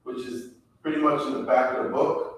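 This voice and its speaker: Male teacher, mid pitch, unhurried delivery that keeps asking "okay?", very echoey room. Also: steady tone. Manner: slow, repeats "okay?" after nearly every phrase. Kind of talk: classroom language lesson.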